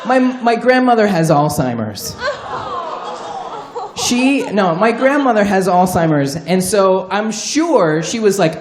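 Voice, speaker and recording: A man's voice: sits high, very animated, takes it slowly, a crowd in the background, noisy background. A man telling a wry, candid, profanity-laced comedic story live on stage at a storytelling show. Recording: roomy live venue sound.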